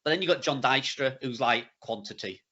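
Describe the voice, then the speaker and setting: Bright-voiced man, rambling chat. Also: medium pitch, fairly quick, husky, lo-fi sound. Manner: rambling, repeats words while gathering thoughts. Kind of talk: casual conversation.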